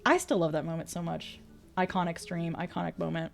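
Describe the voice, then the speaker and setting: A woman's voice: on the low side, a little fast, vocal fry, faint music behind. A woman streamer chatting casually with viewers, bubbly, laughing often and swearing freely. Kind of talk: casual chat reading viewer messages.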